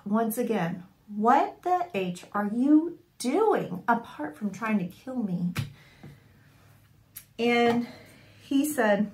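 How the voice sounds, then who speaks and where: Woman vlogger, wry storyteller, slow easy delivery, echoey room. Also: a little high. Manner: wry and animated, often laughing. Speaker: sewing vlogger. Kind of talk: casual storytelling to camera.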